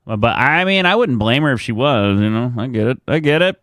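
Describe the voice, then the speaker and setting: A man's voice: mid-range voice, animated, fairly quick, fairly bright tone, dry recording, studio quality. A man streaming live, chatting casually with viewers and telling rambling stories about his family with frequent chuckles. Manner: rambling storyteller, chuckles often.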